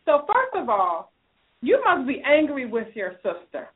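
A woman with a high voice that swoops up and down hosts a radio advice show. She scolds and preaches, driving each point home by repeating it. The sound is thin and phone-like. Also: huge pitch swings, measured pace. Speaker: radio show host giving relationship advice.

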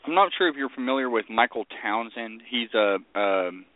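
A man hosting a talk radio show, giving enthusiastic interjections and asking deliberate questions. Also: medium pitch, lively intonation, no room sound. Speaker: host. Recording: tinny dry phone line.

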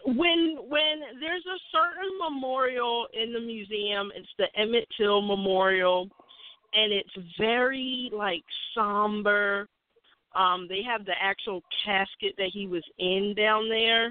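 A woman's voice: medium pitch, steady tone, slow pace, dry recording. A woman, an educator and co-host, talking in a reflective way with many fillers. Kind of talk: casual chat. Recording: tinny phone-line sound.

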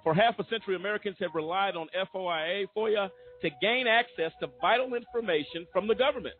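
A man hosts a talk radio show and reads out material at a measured pace. His voice is a little high and sounds tinny over the line, with faint music under it. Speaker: radio host.

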